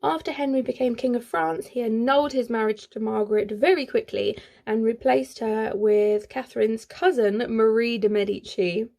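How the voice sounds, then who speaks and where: A woman's voice: on the high side, moderate pace, gravelly, hardly any pauses, mellow. A woman who hosts a history channel, telling history in a casual, chatty way with playful asides. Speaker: history YouTuber.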